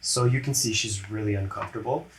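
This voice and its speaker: A man's voice: lowish voice, quick pace, a little hiss or hum. A man narrating a tabletop game as game master in a chatty way, laughing often and slipping into character voices. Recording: roomy echo.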